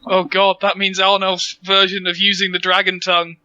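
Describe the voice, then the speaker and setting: Bright, high-voiced man gaming. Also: moderate pace, clean tone, highs cut off. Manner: joking, self-deprecating, animated asides. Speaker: player. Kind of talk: casual tabletop play.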